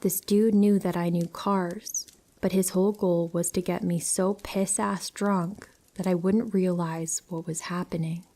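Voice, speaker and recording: Hushed woman narrating horror stories. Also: fairly low pitch, level tone, unhurried. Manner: soft, hushed storytelling, slipping into whispers. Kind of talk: scripted narration of listener stories.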